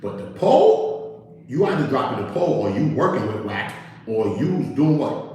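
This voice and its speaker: A man's voice: medium pitch, moderate pace, heavy reverb, rough recording. A man hosting a casual livestream, telling stories animatedly, acting out quotes and talking to his chat. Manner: animated storytelling, acts out quotes, talks to chat. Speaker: livestream host.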